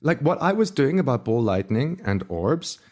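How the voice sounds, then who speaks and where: A man's voice: mid-range voice, big pitch swings, moderate pace, a little mellow. A man co-hosting a podcast in casual chat, rambling and laughing often as he loses his thread. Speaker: podcast co-host.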